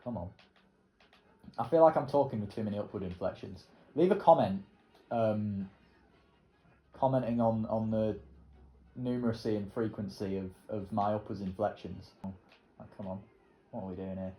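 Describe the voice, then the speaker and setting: A man's voice: on the low side, moderate pace, pauses often, mellow, roomy sound. A young man, rambling casually and swearing as he comments while playing a racing game. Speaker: gaming video creator.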